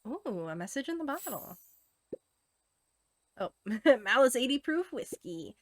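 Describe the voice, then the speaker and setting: A woman's voice: fairly high pitch, big pitch swings, unhurried, background noise. A woman giving casual, chatty commentary while playing a story game. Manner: chatty, reacts aloud. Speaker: gaming streamer. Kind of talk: casual let's play commentary.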